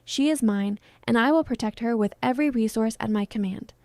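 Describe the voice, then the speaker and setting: Woman doing a stern vampire king, protective and dangerous, soft mellow tone. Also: a little high, fairly quick, no echo, close to an everyday voice. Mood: menacing. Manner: stern, threatening.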